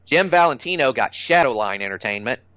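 Opinionated man ranting about comics, bright voice. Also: mid-range voice, animated, brisk, dry recording. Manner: blunt, opinionated, swears, laughs at his own jokes. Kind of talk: casual chat. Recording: dull lo-fi sound.

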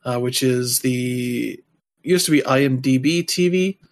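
A man in casual podcast chat, talking at a middling pitch. He rambles loosely, filling gaps with "like" and "uh", and tosses in wry, offhand asides. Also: unhurried. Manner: rambling, loose, heavy with fillers.

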